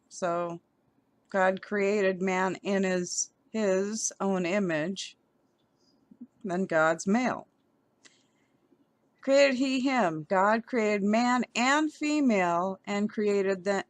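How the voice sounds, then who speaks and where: A woman's voice: medium pitch, slow pace, dry recording. A woman vlogger giving heated commentary as she reads an article aloud, often stumbling over her words.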